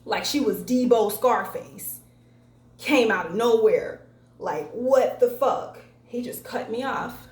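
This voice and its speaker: Animated, profane young woman vlogger. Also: on the high side, slow pace. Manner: profane, animated retelling with acted-out quotes. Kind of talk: casual storytelling vlog. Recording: echoey room, faint ambience.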